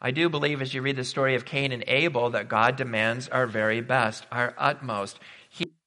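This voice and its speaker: A man's voice: mid-range voice, fairly even intonation, normal speed, bright, forceful tone. A man preaching a sermon, emphatic and full of rhetorical questions. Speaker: pastor. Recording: reverberant hall.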